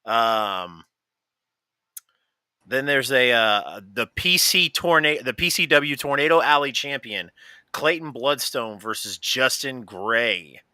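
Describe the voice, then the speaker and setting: A man talks loosely on a live-streamed wrestling show, circling back with plenty of fillers and restarts. His voice is bright and sharp-edged. The sound is dry and close, with no room around it. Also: mid-range voice, slow pace, clear, resonant tone, dry recording. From American Midwest. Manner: rambling, many fillers and restarts. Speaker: podcast co-host. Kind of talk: casual live-stream chat.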